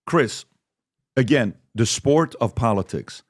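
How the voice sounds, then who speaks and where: A man interviews a guest in a lively way. He acts out what other people might say. His pitch sits in the middle range. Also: slow, dry recording, clean studio sound. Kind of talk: interview questions.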